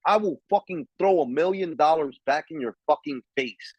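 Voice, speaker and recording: A man's voice: on the high side, moderate pace, no room sound, muffled recording. A man hosting a podcast, ranting in heated, profane, emphatic casual talk. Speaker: podcast host. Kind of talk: casual chat.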